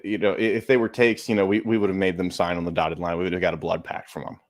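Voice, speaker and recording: Deep-voiced man reciting sports rankings. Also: quick pace. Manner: steady, lists stats and rankings matter-of-factly. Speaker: podcast co-host. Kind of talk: casual sports chat.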